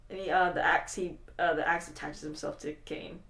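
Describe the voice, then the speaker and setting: A woman's voice: fairly low pitch, steady tone, moderate pace, fairly bright tone. A woman narrating as game master, giggly and rambling. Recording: echoey room, faint noise.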